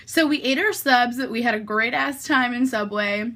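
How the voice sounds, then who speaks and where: A woman's voice: on the high side, moderate pace, pushed and bright. A woman in her twenties telling a casual storytime vlog, chatty, full of fillers and frequent swearing. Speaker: vlogger.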